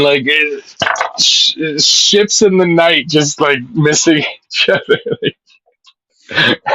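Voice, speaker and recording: A man chats live with his stream audience, rambling from point to point and reading their comments aloud. His voice has a sharp, bright edge, and he swears freely. He sounds close and dry, with no room behind him. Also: medium pitch, dry recording, highs cut off. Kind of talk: casual live-stream chat.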